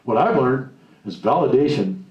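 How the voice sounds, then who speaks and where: A man giving a live motivational talk to an audience, blunt and animated, acting out the lines he quotes. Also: medium pitch, normal speed, highs cut off. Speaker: motivational speaker. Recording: echoey room, mic at a distance, faint noise.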